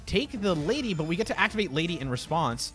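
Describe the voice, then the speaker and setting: A man casually commentating card game replays, excitable and quick to burst into laughter. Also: sits high. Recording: faint background music.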